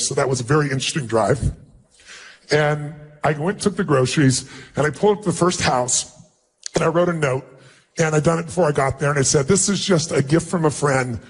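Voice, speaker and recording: A man's voice: a little high, fast talker. A man giving a motivational speech, telling a personal story to an audience and acting out dialogue with emphasis. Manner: emphatic, acts out dialogue in a raised voice. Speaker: motivational speaker.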